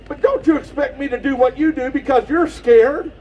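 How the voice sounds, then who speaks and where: A man giving an impassioned rally speech outdoors, preaching and shouting at the crowd. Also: very high voice, moderate pace, few pauses, distant mic, dull audio. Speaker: rally speaker.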